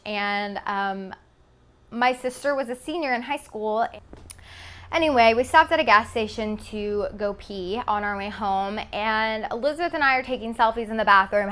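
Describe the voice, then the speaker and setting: A woman's voice: mid-range voice, fairly bright tone, smooth. A woman around twenty from Texas, telling a casual storytime with lots of "like" fillers and casual swearing. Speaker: vlogger. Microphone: phone camera.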